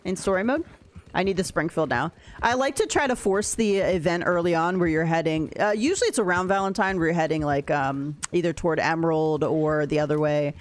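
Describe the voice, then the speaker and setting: Chatty woman streamer, lowish voice. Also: fairly quick. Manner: chatty, laughs often, reads and answers chat. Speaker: game streamer. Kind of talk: casual chat while gaming.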